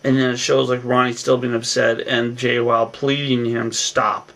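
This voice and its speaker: A man's voice: mid-range voice, flat delivery, moderate pace, creaky, a bit bright. A man vlogging a casual, rambling recap of a reality show episode, full of fillers and restarts. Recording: voice a bit distant from the mic.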